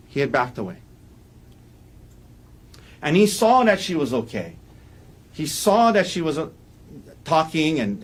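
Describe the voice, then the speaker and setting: A man giving a defense opening statement in a courtroom, walking the jury through events in an earnest, halting way with frequent restarts. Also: a little high. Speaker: defense attorney.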